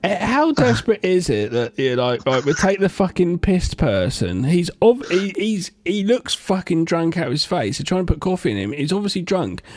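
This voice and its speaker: A man with a London accent co-hosting a podcast, excitable and swearing freely. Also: high voice, normal speed, hardly any pauses, no echo. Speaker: podcast co-host. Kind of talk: casual chat.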